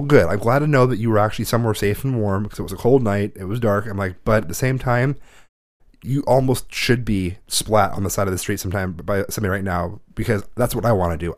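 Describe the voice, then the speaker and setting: A man's voice: fairly low pitch, darkish tone, dry recording, studio quality. A man in his thirties, a parent, telling a heated story in casual chat and swearing often.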